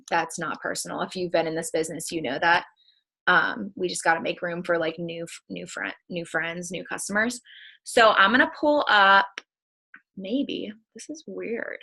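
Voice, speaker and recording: A woman's voice: lowish voice, moderate pace, vocal fry, bright, forceful tone, rough recording. A young woman giving a casual, emphatic sales-team presentation over a video call, chatty and repeating her warnings. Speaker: network marketing presenter.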